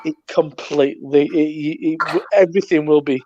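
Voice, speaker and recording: A man's voice: a little high, fairly even intonation, moderate pace, muffled recording, background noise. A man in casual, joking chat on a beer show, often restarting his sentences. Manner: jokey, stammering restarts.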